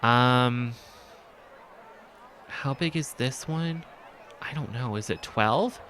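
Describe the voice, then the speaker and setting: Man, let's-play host, slow thinking-aloud commentary with hesitant ums, bright tone. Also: medium pitch, slight background noise. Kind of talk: casual gameplay commentary.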